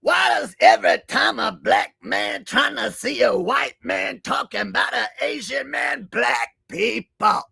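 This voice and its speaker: A man doing an impression of a famous male comedian, ranting loudly and emphatically. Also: very high voice, expressive, a little slow, creaky, few pauses, breathy edge, no echo, clean studio sound, pitched above the performer's own voice, full character voice. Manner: loud, emphatic, rhythmic ranting.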